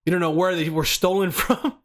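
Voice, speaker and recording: A man's voice: high-pitched, steady tone, a little fast, fairly bright tone. A young man hosting a podcast on his own, rambling in loose, profane casual talk full of slang. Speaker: podcast host.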